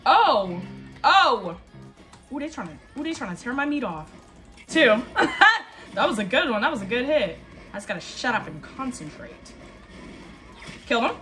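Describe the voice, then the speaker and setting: Woman, gameplay commentary, excitable, repeats herself, very animated pitch, bright tone. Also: unhurried, long pauses, faint music behind. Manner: excitable, talks to herself, repeats phrases, yelps and laughs. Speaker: gaming video host.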